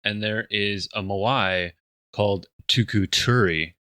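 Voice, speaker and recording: Male host, low and dry; storyteller narration into easy, informed chat. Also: clear, resonant tone, no room sound. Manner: measured storyteller, then relaxed and knowledgeable. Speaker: podcast host. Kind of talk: dramatic second-person scene narration, then casual chat.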